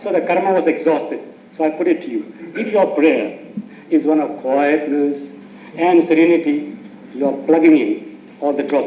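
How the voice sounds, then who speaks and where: A man's voice: a little high, a little hiss or hum. A man teaching meditation in an informal spiritual talk, telling stories and often breaking into laughter. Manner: anecdotal, laughs often, answers questions from the audience. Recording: dull echoey 1980s tape recording.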